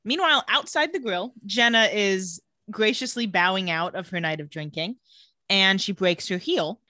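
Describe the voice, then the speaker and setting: A woman's voice: mid-range voice, normal speed, no echo, studio quality. A woman co-hosting a casual chat, retelling a TV episode and acting out the characters' lines with gusto. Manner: animated storyteller, acts out characters' lines.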